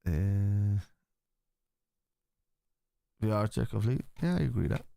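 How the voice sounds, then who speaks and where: A lowish, mellow-voiced Irish man hosting a football watchalong stream, bluntly arguing with viewers in chat and swearing as he goes. His voice sounds close and dry, with no room sound around it. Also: animated, slow pace, vocal fry, dry recording. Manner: argumentative, blunt, swears casually. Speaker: host.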